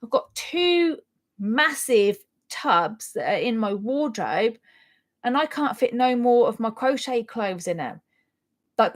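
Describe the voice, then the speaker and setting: A woman in her thirties with a Norfolk English accent, hosting a casual crochet live stream, chatty and self-deprecating, laughing often. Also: a little high. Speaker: crochet channel host.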